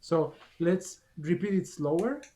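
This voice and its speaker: A man's voice: a little high, lively intonation, unhurried, warm tone. A male clarinet teacher giving a masterclass over a video call, with short encouraging instructions between demonstrations. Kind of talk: masterclass coaching.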